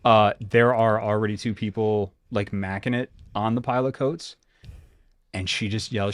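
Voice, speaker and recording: A man's voice: on the low side, steady tone, moderate pace, no room sound, studio quality. A man running a tabletop role-playing game as storyteller, telling the scene in a loose, rambling way full of fillers. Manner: loose, filler-heavy storytelling with sudden shouted character bits.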